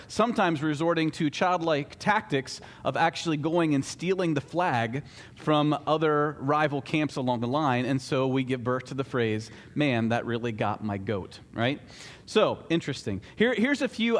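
Pastor guy giving a sermon, casual and a bit jokey, slightly high voice. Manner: conversational, lightly humorous preaching.

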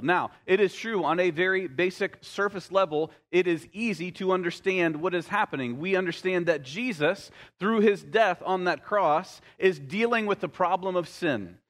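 A man's voice: a little high, normal speed, a bit bright. A man preaching a sermon in a church, talking conversationally and addressing the congregation directly. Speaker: pastor. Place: church sanctuary. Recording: long reverb of a large hall.

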